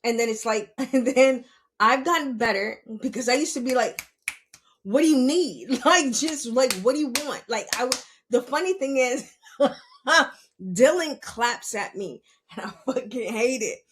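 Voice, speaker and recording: A woman's voice: on the high side, a little slow, a little hiss or hum. A middle-aged woman hosting a podcast, giving blunt, profane advice in a casual monologue, laughing often and asking rhetorical questions. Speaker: podcast host.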